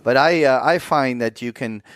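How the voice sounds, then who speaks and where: A man co-hosting a markets podcast, talking casually with halting speech and frequent "uh" pauses. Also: medium pitch, fairly bright tone, no echo. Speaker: podcast co-host.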